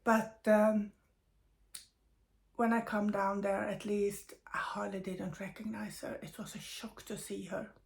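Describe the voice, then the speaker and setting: Woman, middle-aged, gravelly voice, tired and grieving, halting personal storytelling. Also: mid-range voice, little pitch movement. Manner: halting, emotional, with many pauses and fillers. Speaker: medium sharing personal news.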